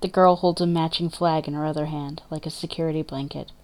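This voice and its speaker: A woman reading dramatic fiction aloud in a measured, emotive narration. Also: deep voice, steady tone, a little mellow. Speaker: story reader.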